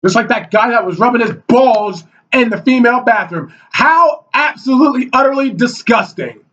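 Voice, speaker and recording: A man with a very high voice rants on camera, heated and scornful, mocking the people he argues against. The recording is dull and lo-fi, with the top end rolled off. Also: expressive, moderate pace, a bit bright. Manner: heated and mocking, mimics opponents in whiny voices. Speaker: video blogger. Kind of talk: ranting monologue.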